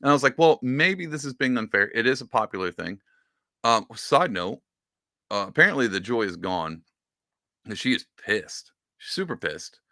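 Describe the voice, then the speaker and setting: A man talks through his podcast in a loose, rambling way, with sarcastic asides. His voice is gravelly and bright, and it swings widely in pitch. The sound is dry and close. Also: animated, normal speed, long pauses, no echo. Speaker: podcast host. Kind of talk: casual political commentary.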